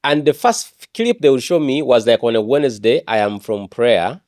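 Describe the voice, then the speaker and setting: A man's voice: medium pitch, animated, normal speed, a little mellow, dry recording, clean studio sound. A man, an evangelist telling his personal testimony in an interview, earnest and often repeating words and restarting.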